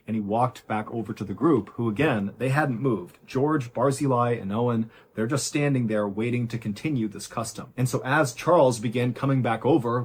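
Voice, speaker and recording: A man narrating a dramatic true story in a measured, suspenseful way, in short phrases with pauses. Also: medium pitch, breathy edge.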